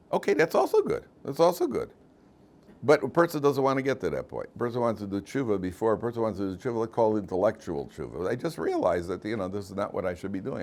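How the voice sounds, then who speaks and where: A middle-aged man teaching a class as a rabbi, telling stories and jokes, often repeating and restarting his phrases. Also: lowish voice. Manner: animated storyteller, repeats phrases, many restarts. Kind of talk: casual lecture with jokes.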